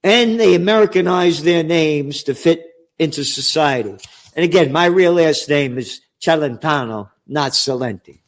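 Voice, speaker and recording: An older man, an author reading from his book and breaking into profane, shouted rants. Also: on the high side, moderate pace. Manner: profane ranting with shouted outbursts.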